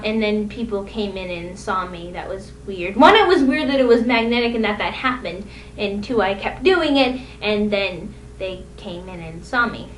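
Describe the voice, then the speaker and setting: A young woman telling rambling, self-deprecating stories from her own life in a casual vlog. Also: a bit bright. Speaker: vlogger. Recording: echoey room, distant mic, faint rumble.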